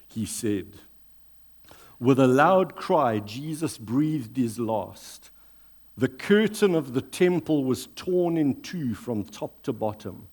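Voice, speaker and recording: A male pastor reads scripture and preaches at an unhurried pace. His delivery is deliberate and dramatic, with measured pauses, and his voice sits at an ordinary middle pitch. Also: lively intonation, darkish tone, husky. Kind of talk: sermon with scripture reading.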